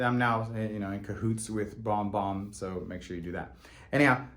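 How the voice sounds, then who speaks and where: A man's voice: lowish voice, a bit bright. A man who works as a real estate agent, telling a story in a casual vlog and acting out both sides of the conversations.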